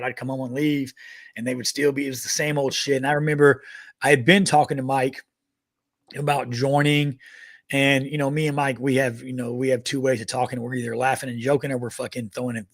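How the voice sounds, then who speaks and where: A man's voice: mid-range voice, fairly quick, dry recording. A man in his thirties, an army veteran co-hosting a podcast, telling stories casually with lots of swearing and laughter. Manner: profane, laughing, animated anecdotes. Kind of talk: casual storytelling.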